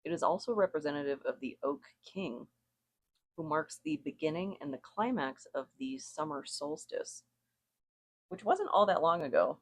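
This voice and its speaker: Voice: mid-range voice, lively intonation, normal speed, husky, no echo. A tarot and rune reader chatting casually to viewers, thinking aloud, correcting themself and chuckling now and then. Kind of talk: casual spoken reading to viewers.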